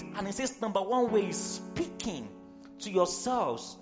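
A man from Nigeria preaching a sermon in a church, emphatic, sometimes shouting, often repeating his phrases. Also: high voice, sing-song, measured pace. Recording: slightly dull recording with faint music behind.

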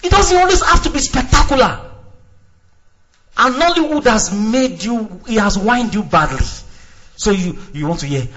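A male pastor preaching a sermon, acting out little dialogues, swinging between shouts and quiet asides. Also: sits high, expressive, normal speed, dull audio.

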